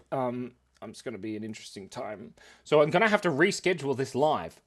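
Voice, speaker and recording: A playful man in his thirties chats on a live stream from his computer desk. His voice swoops up and down as he rambles from one joke to the next, laughing often at himself. The pitch sits in the middle for a man. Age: 30s. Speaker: cartoonist streaming live and reading chat. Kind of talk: casual livestream chat.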